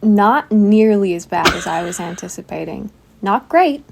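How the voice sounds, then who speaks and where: A woman's voice: mid-range voice, lively intonation, normal speed, creaky, very noisy. A woman co-hosting a casual podcast, wry and teasing, laughing often as she talks. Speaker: podcast co-host. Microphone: headset.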